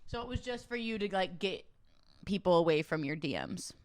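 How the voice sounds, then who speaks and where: A woman's voice: medium pitch, expressive. Rambling young woman, easy laugh. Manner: rambling, filler-heavy, quick to laugh. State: sleep deprived. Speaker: podcast co-host. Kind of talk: casual chat.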